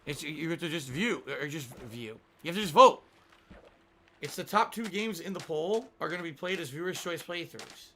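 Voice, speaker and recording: A man's voice: a little high, animated, normal speed, pushed and bright, a little hiss or hum. A man streaming a game live, rambling, thinking aloud and reading out viewer tips. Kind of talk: live-stream gaming commentary.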